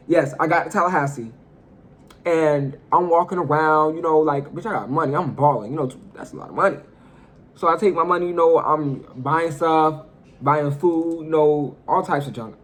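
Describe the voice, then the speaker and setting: A young man telling a personal story in a casual vlog, animated and profane, talking straight to his viewers. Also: fairly high pitch. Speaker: storyteller vlogger.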